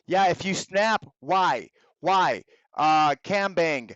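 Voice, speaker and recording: Slow-talking patient male English teacher. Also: high voice, very animated, fairly bright tone, dry recording, rough recording. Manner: patient, explains slowly, switches between English and Spanish. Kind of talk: live online vocabulary class.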